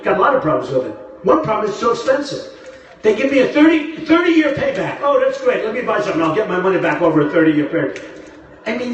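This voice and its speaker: A man giving a rambling, boastful campaign rally speech, repeating himself, heard through a phone from the crowd in a large arena. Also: high-pitched. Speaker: political candidate. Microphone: phone livestream from the crowd. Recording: very echoey arena from far off.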